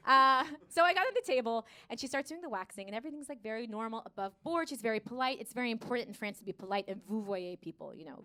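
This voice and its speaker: American woman comic in her thirties, high bright voice, storytelling stand-up full of acted voices. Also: fast, few pauses. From United States. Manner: animated storytelling, acts out voices, laughs at her own jokes. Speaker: stand-up comedian. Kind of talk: live stand-up routine. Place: comedy stage in front of a live audience.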